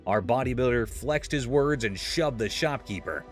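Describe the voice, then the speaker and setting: Man, recap narrator, scripted comedic narration, playful, lively intonation. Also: medium pitch, moderate pace, faint music behind. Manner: playful, jokey storytelling.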